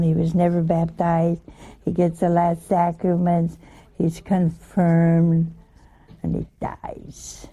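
A woman's voice: lowish voice, gravelly, warm tone. An older woman giving an informal sermon, chatty and laughing, often asking her listeners questions. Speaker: religious teacher.

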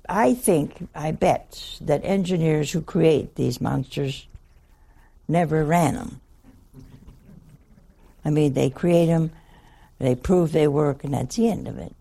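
A woman's voice: low-pitched, vocal fry, warm tone. An older woman, a nun, telling a funny story in a wry, folksy, chuckling way. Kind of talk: humorous anecdotal storytelling talk.

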